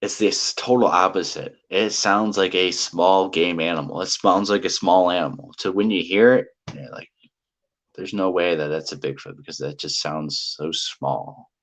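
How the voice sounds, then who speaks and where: A man's voice: low-pitched, normal speed, fairly bright tone. A man telling a personal encounter story in a casual, rambling way, repeating himself and using lots of fillers. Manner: rambling and repetitive, with many fillers. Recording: dull lo-fi audio.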